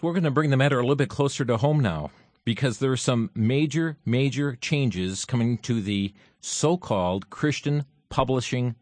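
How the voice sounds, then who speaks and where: Halting male radio talk host. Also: medium pitch, no echo. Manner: halting, many fillers and restarts. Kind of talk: radio talk show commentary.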